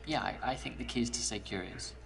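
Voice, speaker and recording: A man's voice: mid-range voice, fast, vocal fry, natural voice. A man playing a bashful teacher. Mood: shy. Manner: hesitant, soft-spoken, stammering. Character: shy, mild-mannered male teacher on a blind date. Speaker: schoolteacher on a date. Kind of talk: dating game dialogue. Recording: distant game audio with faint music.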